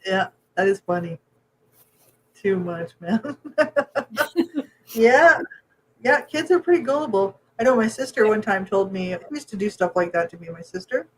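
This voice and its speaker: A woman co-hosting a casual podcast chat who talks in a chatty way, laughs often and lets her sentences trail off softly. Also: medium pitch, lively intonation, normal speed, long pauses, breathy edge, low-quality recording. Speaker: podcast co-host.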